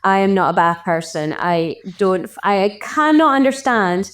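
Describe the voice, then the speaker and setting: A Scottish woman chats as a podcast guest in a blunt, plain-spoken way. Her humour is dry and often turned on herself. Her voice sits in a middle pitch for a woman. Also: lively intonation, a little slow. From Scotland. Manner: blunt, dry and self-deprecating. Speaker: wedding photographer, podcast guest. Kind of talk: casual podcast chat.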